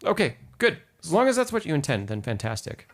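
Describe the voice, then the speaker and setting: Speaking a little fast, this man has a voice on the high side with wildly swooping pitch. He teaches piano over a live stream with piano music behind him, encouraging the student and singing phrases to show how they should sound.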